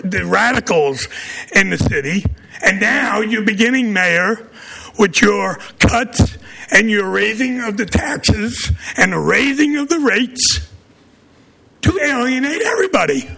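A man's voice: high-pitched, big pitch swings, unhurried, gravelly, sharp tone, breathy edge. A man with a Brooklyn accent giving blunt, combative public testimony at a city council meeting.

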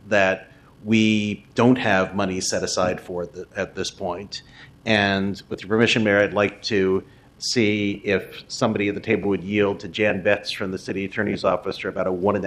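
Very low-voiced council member thinking aloud. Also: male voice. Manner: deliberate, works through figures aloud with restarts. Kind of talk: formal council meeting remarks.

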